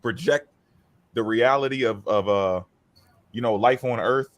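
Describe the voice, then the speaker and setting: A man co-hosting a podcast, talking in a loose, animated and profane way and acting out the voices of people he quotes. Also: mid-range voice, unhurried. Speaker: podcast co-host. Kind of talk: casual chat.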